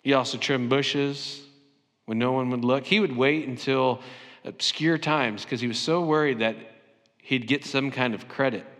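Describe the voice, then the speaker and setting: A man's voice: medium pitch, steady tone, measured pace, fairly bright tone, big-room sound. A middle-aged man from Southern California preaching a sermon in a conversational, anecdotal way with self-deprecating humor. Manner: acts out imagined interviews with playful voices. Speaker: pastor. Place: church sanctuary.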